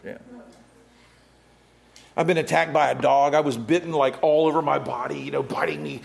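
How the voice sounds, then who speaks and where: A middle-aged man delivering a sermon in a notably high voice. He preaches with energy, acting out the people he quotes. He rises to loud calls and drops to hushed, quiet stretches. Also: steady tone, normal speed, gravelly. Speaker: pastor.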